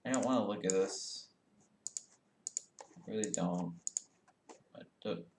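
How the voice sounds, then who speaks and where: A young man chatting casually and giggling to himself while doing schoolwork at a computer, often mumbling quiet asides that trail off. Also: low voice, slow, noisy background. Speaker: vlogger. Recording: roomy echo, faint keyboard typing.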